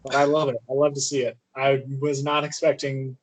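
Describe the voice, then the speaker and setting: A young man co-hosting a sports podcast, talking in a relaxed, thoughtful way with many fillers. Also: medium pitch, brisk, poor audio. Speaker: podcast co-host. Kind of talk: casual sports chat.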